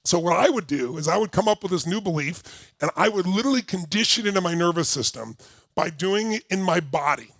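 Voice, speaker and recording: An older man giving a workshop talk to a live audience, telling a personal story with lots of energy and shouting out repeated phrases. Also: high voice, expressive, brisk, dry recording. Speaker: motivational speaker.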